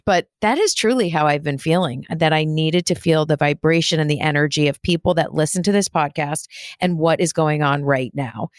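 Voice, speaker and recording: A woman's voice: low-pitched, dry recording, clean studio sound. A woman hosting her own podcast as a spiritual medium, talking in a chatty, rambling way with fillers and restarts. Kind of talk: casual solo podcast talk.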